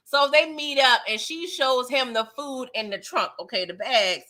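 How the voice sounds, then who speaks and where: Woman reviewer, casual recap host, chatty and slangy, a touch higher and bright. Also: expressive, unhurried. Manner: chatty, slangy, laughs often.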